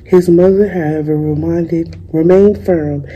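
A young woman, a student, reading a picture book aloud in a calm, measured way. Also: on the low side, dull audio, a little hiss or hum. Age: young adult. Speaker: student reader.

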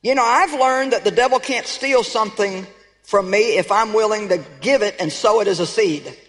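An older woman preaching a sermon to a congregation, emphatic and animated as she rallies her listeners. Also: mid-range voice, normal speed. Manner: emphatic, animated, rallying the audience. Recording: reverberant hall.

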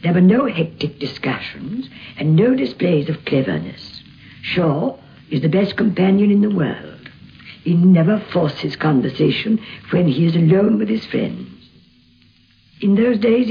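A woman reading a memoir aloud in a soft, calm way, in a dull lo-fi recording. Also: fairly low pitch, vocal fry. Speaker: narrator.

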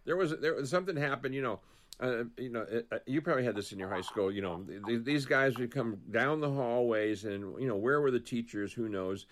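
A man co-hosting a casual political talk show, rambling and animated, telling stories with many restarts. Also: medium pitch, brisk.

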